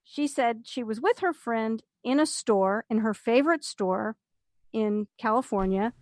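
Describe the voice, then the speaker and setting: A woman co-hosting a podcast, casually retelling a story in an animated way and acting out the quotes. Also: on the high side, a little slow, no room sound, studio quality. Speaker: podcast co-host.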